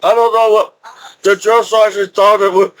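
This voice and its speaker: High-voiced rambling man telling stories. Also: normal speed, low-quality recording. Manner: rambling, repetitive, restarts often, excitable. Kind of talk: rambling casual storytelling.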